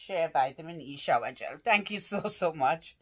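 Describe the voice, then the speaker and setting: A woman's voice: low-pitched, expressive, normal speed, fairly bright tone. A woman vlogger opening fan mail and gifts, gushing and exclaiming with lots of laughter as she wrestles with the packaging. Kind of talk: casual unboxing vlog.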